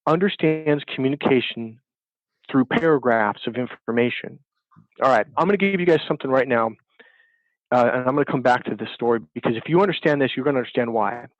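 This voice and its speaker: A man's voice: mid-range voice, moderate pace, pauses often, dry recording, muffled recording. A man, a dating coach, telling stories in an interview and acting out the voices of people in them. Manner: acts out voices in his stories, emphatic. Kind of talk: animated storytelling interview.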